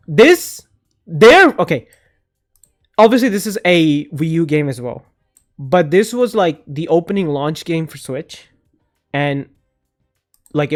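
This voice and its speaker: A young man giving casual opinion commentary on games, rambling and animated, often cutting himself off mid-sentence. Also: high voice. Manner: rambling, animated, self-interrupting. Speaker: gaming video creator.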